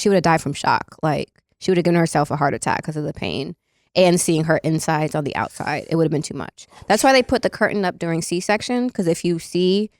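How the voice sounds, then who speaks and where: A woman's voice: fairly low pitch, dry recording, clean studio sound. A woman in her thirties co-hosting a casual podcast, telling stories bluntly with plenty of fillers. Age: 30s. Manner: blunt, laid-back storytelling with frequent fillers. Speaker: podcast co-host.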